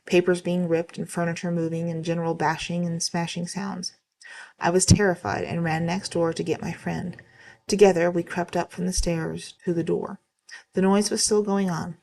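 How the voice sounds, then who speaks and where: A woman reading online stories aloud as the host of her channel, at a steady, even pace with occasional slips. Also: on the low side, gravelly.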